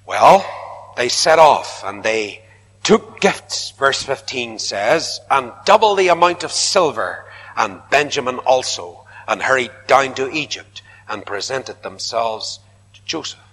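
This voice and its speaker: A man preaching a sermon, emphatic, his voice rising to loud repeated protests. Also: mid-range voice, animated, takes it slowly, slight background noise. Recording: long hall reverb.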